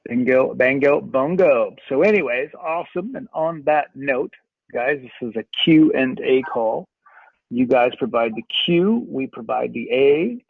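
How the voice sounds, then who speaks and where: A man hosting a casual coaching Q&A call, upbeat and joking, with quick banter. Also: medium pitch, expressive, creaky, breathy edge, no echo. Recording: tinny phone-like line.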